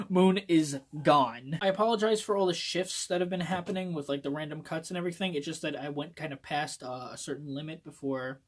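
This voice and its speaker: Male vlogger, casual phone-recorded book review, excitable and profane, rambling delivery. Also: on the high side, fairly quick. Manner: rambling, swears often, excitable.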